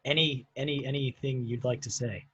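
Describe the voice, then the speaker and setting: Husky young man prompting friends. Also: mid-range voice, steady tone, a little fast, sharp tone, lo-fi sound. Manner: casual questions and prompts to guests. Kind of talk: casual podcast chat.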